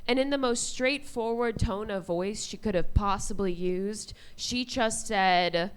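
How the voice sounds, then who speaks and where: A woman in her twenties doing a stand-up comedy set on a club stage, deadpan delivery and laughing at her own jokes. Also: mid-range voice, unhurried, clean tone. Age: 20s.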